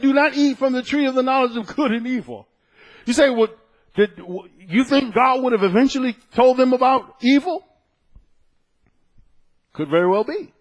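A man preaching a conversational sermon, moving between scripture readings and personal stories in a lively way. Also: high voice, breathy edge. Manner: conversational, animated storytelling with scripture quotes.

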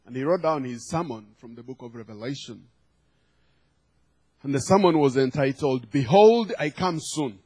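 A man's voice: mid-range voice, animated, moderate pace, dark tone, breathy edge. A man preaching a sermon, telling a humorous story and acting out the quoted lines. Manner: storytelling with acted quotes and laughter.

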